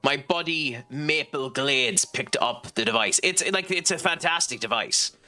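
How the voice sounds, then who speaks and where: A man's voice: medium pitch, measured pace, bright, forceful tone, soft background music. An Irish man streaming a game, talking casually and rambling with lots of ums and restarts while he chats with his viewers. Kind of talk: casual gameplay commentary and chat reading.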